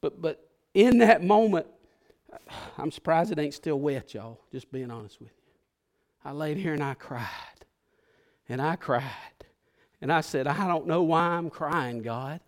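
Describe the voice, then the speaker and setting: A man preaching a sermon in an emotional, conversational way, moving from hushed confession to fervent pleas. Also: on the high side, unhurried, pauses often. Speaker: pastor.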